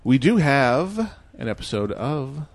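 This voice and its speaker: A man's voice: medium pitch, unhurried, creaky, no echo. A man hosting a live online radio show, chatting casually and joking with his co-hosts. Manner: joking, animated. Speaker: host.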